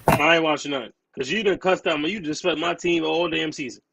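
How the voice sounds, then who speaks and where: A man's voice: a little high, quick pace, creaky, background noise. A man, co-hosting a podcast and trash-talking sports rivals with brash, repetitive emphasis. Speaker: podcast co-host. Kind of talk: heated sports banter.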